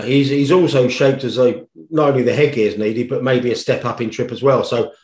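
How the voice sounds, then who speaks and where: A man's voice: mid-range voice, darkish tone. A man tips a horse race in a thoughtful, hesitant way, reasoning aloud with plenty of fillers. His voice sits in the middle of the range and carries a noticeable room echo around it. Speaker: racing tipster. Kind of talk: detailed betting analysis. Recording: roomy echo.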